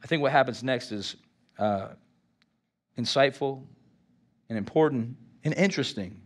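A man's voice: mid-range voice, normal speed. A man preaching a sermon, reading scripture and drawing responses from the congregation. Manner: lively, engages congregation with call-and-response. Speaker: pastor.

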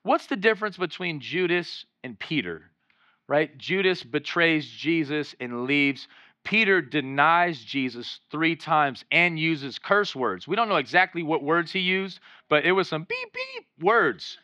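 A man preaching to a congregation, voice bright and a little high, with rising bursts as he urges them on and a habit of acting out voices when retelling scenes. The recording is dry and somewhat muffled. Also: lively intonation, unhurried, no echo. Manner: preaching with exhortations and call-outs to the congregation. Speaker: pastor. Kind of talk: sermon.

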